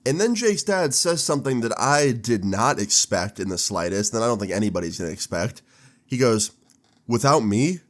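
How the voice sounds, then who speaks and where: Young man, twenties, slightly low voice, laid-back slang, casual storytelling vlog. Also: expressive, a little fast. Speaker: storytime vlogger.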